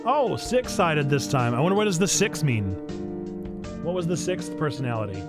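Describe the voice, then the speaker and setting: A man's voice: fairly high pitch, sing-song, moderate pace. A man streaming a video game, chatting casually with his viewers. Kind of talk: casual live gameplay chat. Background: game music.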